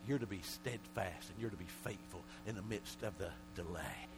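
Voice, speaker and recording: A male preacher delivering a sermon, swinging from quiet, low passages to loud shouted calls and often repeating words. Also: moderate pace, music in the background, low-quality recording. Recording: mains hum under the voice.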